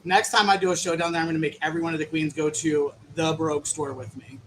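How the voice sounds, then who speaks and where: A woman's voice: low voice, flat delivery, fast talker, rough recording. A guest drag artist chatting casually, rambling and easily distracted, calling people "honey" and "girl". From Maryland. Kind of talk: casual chat. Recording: faint background noise.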